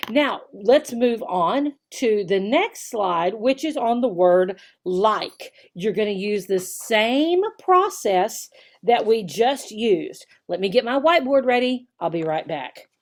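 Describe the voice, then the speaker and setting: Slow, lively-voiced woman teacher. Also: mid-range voice. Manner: patient, repeats "okay?" to check understanding; enunciates key words slowly and clearly. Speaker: online English teacher. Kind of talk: instructional explanation of teaching slides.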